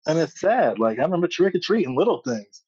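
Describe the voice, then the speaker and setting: A slightly high, fast voice with a breathy edge comes through a dry, dull recording. The man is a comedian guesting on a podcast, animatedly telling stories and acting out quotes in street slang during casual conversation.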